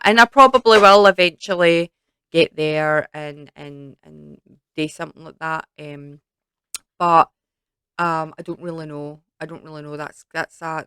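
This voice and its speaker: Chatty Scottish woman, low smooth voice. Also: fairly even intonation, normal speed, a bit bright, no room sound. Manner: chatty, rambling with many fillers. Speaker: YouTube creator. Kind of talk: casual Q&A chat to camera.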